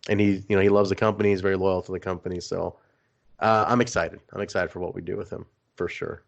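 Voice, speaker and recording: A man co-hosting a casual podcast who tells stories with animated energy, swears freely and laughs often. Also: deep voice, quick pace, gravelly, highs cut off. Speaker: podcast co-host. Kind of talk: casual chat.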